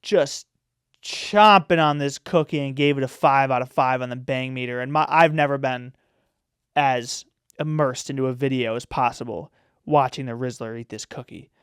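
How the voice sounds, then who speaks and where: A man's voice: mid-range voice, normal speed, clear, resonant tone, no room sound, clean studio sound. A man hosting a podcast in a casual, rambling chat, giving strong opinions and filling his talk with "like" and "you know.". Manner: rambling, opinionated, full of fillers. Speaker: podcast host.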